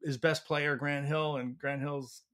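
Animated man telling a coaching story. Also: fairly high pitch, unhurried. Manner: animated storyteller, acts out quotes. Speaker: leadership professor, guest. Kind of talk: storytelling interview answer.

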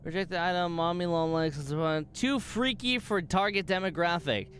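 A man streaming a video game, reacting out loud in an excitable way, swearing and jumping to sudden shouts. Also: high-pitched, normal speed, a little hiss or hum. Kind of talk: gaming livestream commentary.

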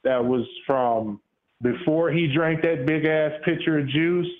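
A man calling into a show, telling his take in an animated way and laughing through his lines over a phone line. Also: a little high, a little slow, slight background noise. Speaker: caller. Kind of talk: casual call-in chat. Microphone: phone call.

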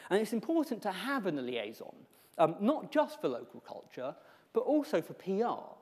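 A man's voice: high voice, huge pitch swings, moderate pace, darkish tone, slightly rough. A man giving a conference presentation with wry, joking asides. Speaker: conference speaker. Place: large lecture hall. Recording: echoey hall reverb.

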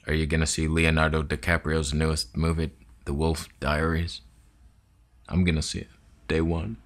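A man's voice: very deep voice, level tone, normal speed. A man vlogging a sarcastic, exasperated comedy rant about a camera.

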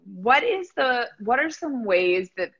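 A woman's voice: on the high side, sing-song, slow pace, fairly bright tone, husky. A woman hosting an interview, asking long, rambling questions full of fillers. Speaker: podcast host. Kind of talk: casual interview chat. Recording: muffled lo-fi.

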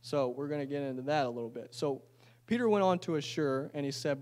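A man's voice: on the high side, a little fast, darkish tone. A man preaching a sermon in a church. He reads scripture aloud and then explains it in casual, everyday talk. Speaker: pastor.

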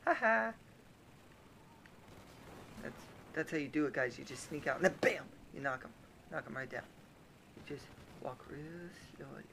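A man's voice: mid-range voice, animated, moderate pace, vocal fry, pauses often, sharp tone, slight background noise, poor audio. A young man casually commenting on his own shooter gameplay, playful and jokey, often slipping into silly voices. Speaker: gaming YouTuber. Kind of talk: casual let's-play commentary.

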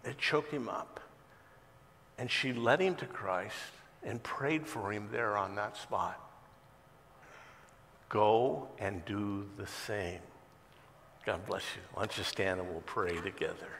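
A male pastor preaching a sermon in a large church, telling a story with dramatic swings between loud and quiet. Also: on the low side, slow, long pauses, slight background noise. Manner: storytelling with dramatic shifts in loudness. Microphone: church sound system, streamed. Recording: echoey large church hall.

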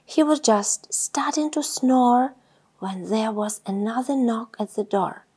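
A woman reading a children's story aloud with expressive, storytelling delivery. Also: on the high side, slightly rough. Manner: warm, expressive, slow storytelling. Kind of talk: children's read-aloud narration.

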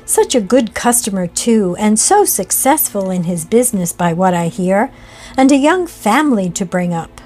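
A woman's voice: mid-range voice, sing-song, normal speed, darkish tone, soft background music. A woman reading aloud, voicing a frightened, fretful male innkeeper in an old ghost story. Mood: dismayed. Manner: fretful, wailing.

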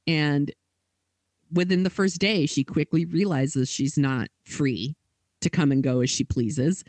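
A man hosting a podcast, telling a story in a casual way, with lots of fillers and quick acted quotes. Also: a little high, darkish tone, no room sound. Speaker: podcast host.

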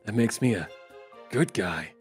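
Lively chatty man streaming a game. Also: lowish voice, a little slow, faint music behind. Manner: playful, chatty, lively intonation. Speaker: streamer playing with friends. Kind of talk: casual gaming chat.

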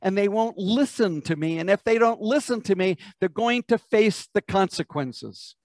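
A stern divine judge delivers a grave warning in slow, weighty phrases, as a preacher puts him on. The voice stays dry and close to the mic. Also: male voice, high voice, animated, darkish tone, no echo.

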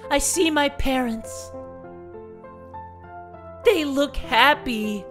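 A man's voice: extremely slow, pushed and bright, exaggerated voice. A man doing a sweet wide-eyed little girl. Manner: breathless and high. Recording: music playing behind.

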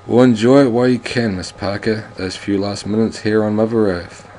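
A man's voice: on the low side, steady tone, normal speed, dark tone, slight background noise, lightly acted. Man reading as a gloating ruthless villain.

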